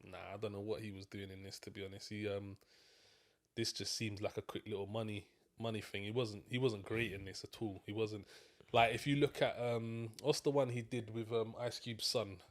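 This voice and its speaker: A tired man talks through a film in a relaxed, slangy way. His thoughts trail off and restart as he yawns through the chat. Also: lowish voice, normal speed. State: tired, yawning. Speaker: film review co-host. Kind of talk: casual review chat.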